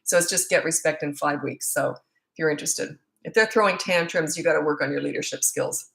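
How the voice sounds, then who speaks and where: A woman's voice: low-pitched, a little fast, creaky, fairly bright tone. A middle-aged woman, a parenting coach, answering viewer questions in a frank, chatty way full of stories and fillers. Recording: roomy echo.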